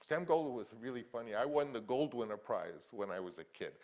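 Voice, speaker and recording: An older man, a film director, answering interview questions and reminiscing in halting speech full of restarts and repeated words. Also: medium pitch, lively intonation, darkish tone.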